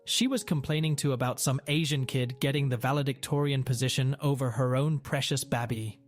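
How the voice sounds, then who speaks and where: A man's voice: mid-range voice, steady tone, fairly quick. A young man reads an online story aloud in a sardonic, matter-of-fact way. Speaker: narrator.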